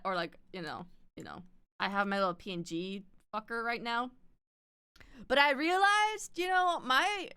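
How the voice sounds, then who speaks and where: A woman streamer rambles casually to her chat while she draws. Her voice is bright and crisp. She swears freely and breaks into laughter often. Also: mid-range voice, dry recording.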